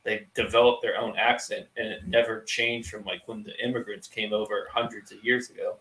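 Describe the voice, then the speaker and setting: A young man from the US East Coast hosts a relaxed chat, his speech full of "like" and quick asides. His fairly low voice comes through with a roomy echo. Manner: chatty, says like a lot. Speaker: podcast host. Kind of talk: casual podcast chat.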